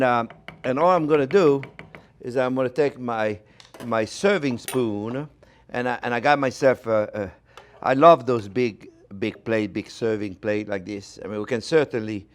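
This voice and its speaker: A man's voice: medium pitch, clear, resonant tone. Older French-accented man, cooking show host, enthusiastic and rambling with restarts. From France. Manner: chatty, enthusiastic, lots of fillers and restarts. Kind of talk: casual cooking demonstration. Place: home kitchen.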